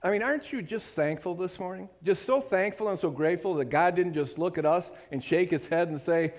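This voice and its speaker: A man preaches a sermon with a somewhat high voice. He keeps checking in with the congregation and moves from loud, emphatic lines to hushed asides. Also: brisk, few pauses. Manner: call-and-response preaching, checks in with listeners. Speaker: pastor.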